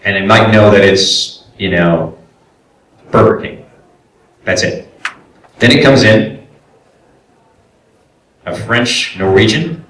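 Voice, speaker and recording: A man and voice actor giving a convention panel talk, animated and acting out quoted directors and clients. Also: lowish voice, takes it slowly, long pauses. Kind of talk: casual panel talk with audience questions. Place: convention hall. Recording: echoey hall, voice picked up from far off.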